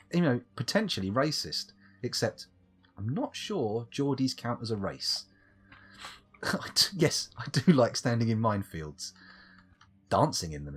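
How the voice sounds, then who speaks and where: Man, live game streamer; husky voice that swings up and down a lot, chatty and self-deprecating. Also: medium pitch. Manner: rambling, talks to himself, self-mocking asides. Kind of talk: live gameplay commentary.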